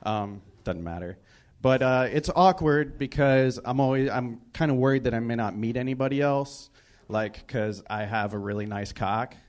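A young man doing stand-up in a small club, with a voice of ordinary male pitch. He stumbles along awkwardly, padding his lines with fillers. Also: normal speed. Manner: awkward, hesitant delivery with many fillers. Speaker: stand-up comedian. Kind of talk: stand-up comedy set.

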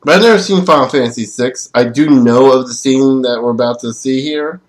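A man's voice: mid-range voice, fairly quick, low-quality recording. A man giving casual gaming commentary in a chatty, rambling way, often laughing at himself. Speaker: let's play gamer.

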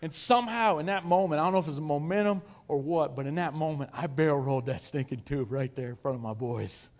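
A man in his forties, a guest speaker, telling a humorous story to a congregation in an animated, self-deprecating way, often addressing the audience directly. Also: fairly high pitch, fast.

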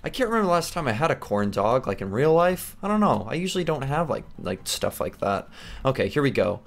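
A young man hosting a gaming channel, excitably commenting as he plays, yelping and laughing at close calls. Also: medium pitch, a little fast, creaky. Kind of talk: playing a game with commentary.

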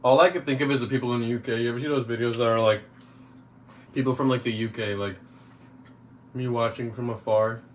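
A man's voice: mid-range voice, fairly even intonation, a little fast, long pauses, a little hiss or hum. A young man from Toronto, co-hosting a casual mukbang, laid-back and joking, rambling with lots of fillers. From Toronto, Canada. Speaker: co-host. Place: indoors, sitting on the floor.

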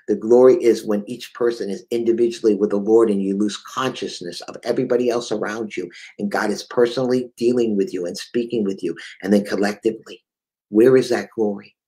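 A man's voice: fairly low pitch, dark tone, rough recording. A man with a New England accent preaching a fervent sermon, often stammering and repeating words.

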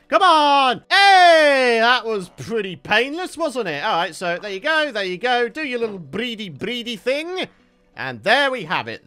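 Lively, bright gaming commentator. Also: male voice, sits high. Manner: chatty, playful, talks to the animals. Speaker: gaming YouTuber. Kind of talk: Minecraft let's-play commentary.

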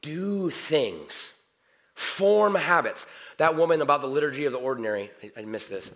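A middle-aged man preaching a sermon in a church. His talk is conversational, and he swings between quiet prayer and animated outbursts. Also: on the high side, moderate pace. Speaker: pastor. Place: church sanctuary.

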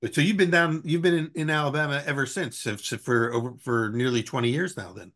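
A man's voice: mid-range voice, quick pace, fairly bright tone. A man hosting an interview, easygoing, often laughing along and adding short prompts. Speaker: interviewer, host. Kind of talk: interview conversation.

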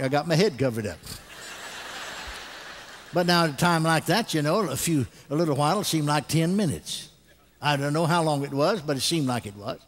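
An older man preaching a sermon, telling stories animatedly and bursting into loud acted laughter. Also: on the high side.

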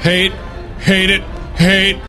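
A young man doing jokey let's-play commentary, excitable and often shouting at the game. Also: high-pitched, slow pace. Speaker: gaming video host. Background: game music.

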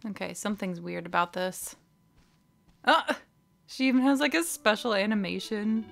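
A woman giving chatty, excitable commentary while playing a video game. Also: medium pitch, normal speed, gravelly. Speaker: let's play gamer. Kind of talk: casual gameplay commentary.

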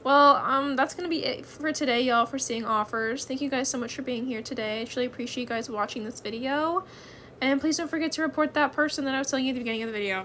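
Chatty gamer girl, slightly high voice. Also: fast talker, a bit bright, a little hiss or hum. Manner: chatty, keeps addressing viewers as y'all and bestie. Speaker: gaming channel host. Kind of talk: casual gaming chat.

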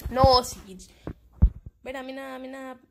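Jamaican woman, game streamer, high voice, excitable play-by-play teasing a rival, faint key clicks. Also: creaky, noisy background. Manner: excitable, teasing and complaining at an opponent. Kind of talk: live gaming commentary.

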